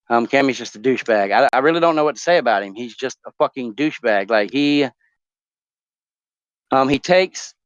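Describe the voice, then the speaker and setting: A man's voice: mid-range voice, no echo, dull audio. A man talking casually on a live stream, rambling and swearing, with many ums and restarts as he talks openly about his family. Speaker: talk show guest.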